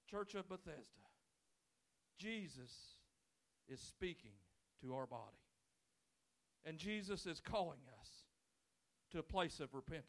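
A male pastor preaching a sermon in church, swinging from loud pleading to quiet, intimate talk. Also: a little high, lively intonation, unhurried, long pauses. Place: church sanctuary.

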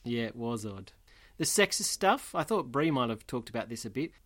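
A man talking casually about a book with his co-hosts. His pitch moves a lot, and he reads passages aloud with expression. The sound is close and dry. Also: moderate pace, no echo. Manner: animated, reads quotes expressively, laughs often. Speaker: book podcast co-host. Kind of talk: casual book discussion with read-aloud quotes.

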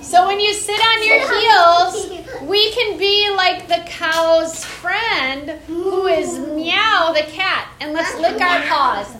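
Very high, bright-voiced kids' yoga teacher. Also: female voice, slow pace. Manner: playful, encouraging, sing-song. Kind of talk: leading a live kids' yoga class. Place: indoor yoga class.

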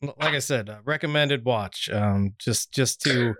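Man, podcast host, mid pitch, laid-back, filler-heavy, casual chat, dry close sound. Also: measured pace, fairly bright tone, dry recording. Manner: laid-back, many fillers, laughs easily.

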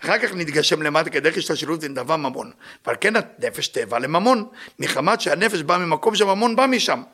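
A man giving a religious lecture, telling stories in an animated way and often laughing. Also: on the high side, very fast, slightly rough. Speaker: Torah teacher.

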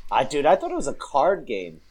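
A man's voice: medium pitch, wildly swooping pitch, brisk, darkish tone, breathy edge. A man co-hosting a podcast, talking in a blunt, crude, teasing way. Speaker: podcast co-host. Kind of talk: casual chat.

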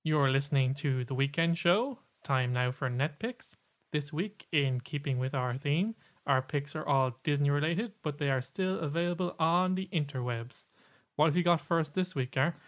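A man's voice: on the high side, normal speed. A man hosting a casual podcast, chatty and often stumbling over his words and restarting. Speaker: podcast host.

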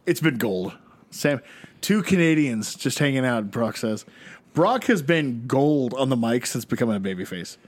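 A man co-hosting a casual podcast chat, chiming in quickly and swearing casually. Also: medium pitch, animated. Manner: quick interjections, laughs, profane. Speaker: podcast co-host.

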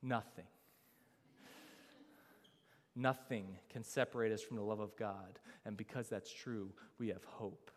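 A man's voice: lowish voice, steady tone, normal speed, hardly any pauses. A man preaching a sermon, building emphasis and asking rhetorical questions of the congregation. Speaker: pastor. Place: church sanctuary. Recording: long reverb of a large hall.

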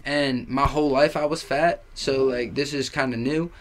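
A young man, a rapper on as a podcast guest, telling a party story in casual chat, animated and profane, packed with fillers. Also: mid-range voice, normal speed, background noise.

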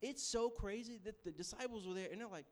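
A young man preaching a sermon, telling a story with animated shifts from hushed to loud. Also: high-pitched, fast. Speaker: campus ministry preacher.

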